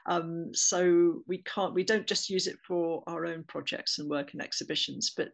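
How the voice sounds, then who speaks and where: A woman's voice: on the low side, low-quality recording. A woman with an English accent giving a webinar talk on oral history, conversational with frequent fillers and restarts.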